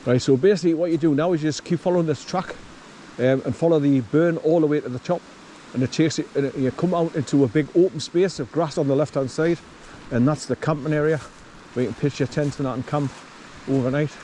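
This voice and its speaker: Out on a country path, a middle-aged vlogger with a Geordie accent from northeast England walks and films, rambling chattily and speaking to his dog. He talks fast in a slightly high voice with a dark tone, and there's a little hiss or hum in the recording.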